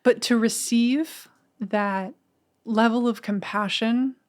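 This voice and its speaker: A woman's voice: a little high, steady tone, slow. Candid woman sharing openly on a podcast. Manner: candid, emotional, swears casually. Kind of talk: casual conversation.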